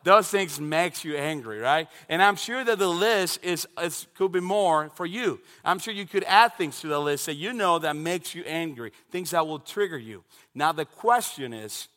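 A man from the Dominican Republic with a Dominican Spanish accent, a native Spanish speaker, preaching a sermon with animated storytelling in a church. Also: fairly high pitch, moderate pace. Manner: animated storytelling with shouted imitations. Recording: long reverb of a large hall.

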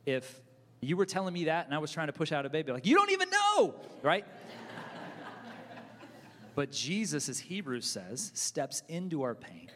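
A man's voice: on the high side, expressive, fairly quick. Preacherly man in a reverberant hall. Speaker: pastor hosting the interview. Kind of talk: conversational church interview. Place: church auditorium.

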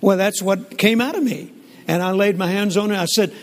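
An older man, telling stories in a folksy, animated sermon with frequent restarts. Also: sits high, moderate pace. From Southern United States. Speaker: preacher. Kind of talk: sermon storytelling. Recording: long hall reverb.

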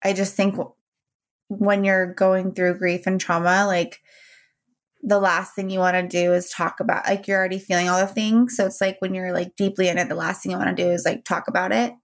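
A woman's voice: fairly low pitch, flat delivery, fairly quick. A woman co-hosting a podcast, chatting candidly with lots of fillers and trailing thoughts. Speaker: podcast co-host. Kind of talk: casual chat.

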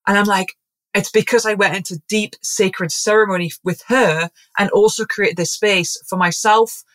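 A woman's voice: mid-range voice, fairly even intonation, normal speed, fairly bright tone. A woman speaking as a podcast guest, a zoologist and shamanic practitioner, talking in an earnest, rambling way with many restarts. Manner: acts out quoted voices. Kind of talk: casual podcast conversation.

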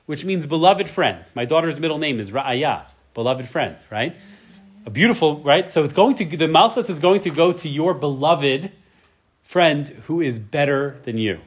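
A man's voice: on the high side, expressive, moderate pace, husky. A man in his thirties teaching a casual Torah class. He reads each verse in Hebrew, translates it, and keeps asking "right?". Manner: chatty, tags lines with "right?".

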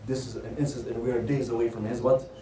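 A man's voice: medium pitch, little pitch movement, fast talker, noisy background. A man teaching a religious lesson, retelling a story and answering his own rhetorical questions. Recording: roomy sound from a distant mic.

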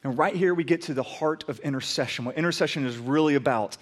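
A man preaching a sermon in a church, shifting between loud pleading emphasis and relaxed storytelling. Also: a little high, fast, few pauses. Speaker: pastor. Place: church sanctuary.

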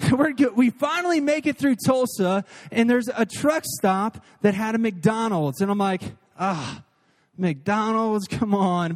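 A man from Missouri preaching a sermon, telling a comic personal story and acting out the voices in it. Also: very high voice. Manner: animated storytelling, acts out voices.

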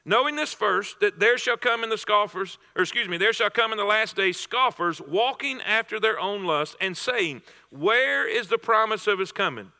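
A man's voice: high voice, expressive, normal speed, vocal fry, few pauses, pushed and bright, long reverb tail. A man preaching a sermon to a congregation, emphatic, repeating phrases and restarting himself. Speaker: pastor.

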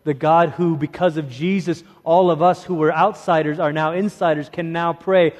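A preacher delivers a sermon in a fairly high voice, shifting between quick, lively asides and soft, hushed emphasis. A long reverb makes his voice ring out as though he's in a large hall.

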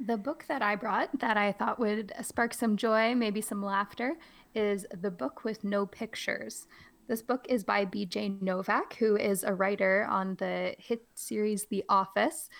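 A woman's voice: mid-range voice, fairly even intonation, measured pace, creaky. A woman podcast co-host and teacher reading a picture book aloud, playful and theatrical, jumping to squeals on the silly words.

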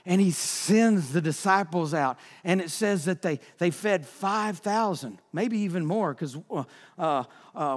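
A pastor preaching a sermon, loud and excitable, often shouting when stirred up. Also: male voice, high-pitched, long reverb tail.

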